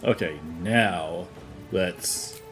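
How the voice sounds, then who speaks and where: A man with a low, unhurried voice calls out his moves as he plays. His pitch swings a lot while he reacts, and loud game music plays behind him. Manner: laid-back, talks himself through each move. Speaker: streamer. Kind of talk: let's-play commentary.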